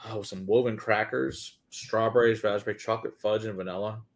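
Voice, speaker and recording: A man's voice: fairly low pitch, steady tone, a little fast. A man co-hosting a casual whiskey tasting, listing flavor notes with enthusiasm. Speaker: whiskey reviewer, co-host.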